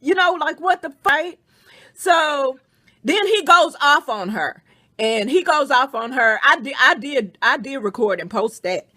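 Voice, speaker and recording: A woman rants through a story on a phone call, her pitch leaping up and down as she acts out each person. Her voice sits a little high and sounds dry and close, with no room around it. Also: measured pace, dry recording. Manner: animated, profane storytelling that acts out other people's words. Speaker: podcast host. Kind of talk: casual venting on a phone call.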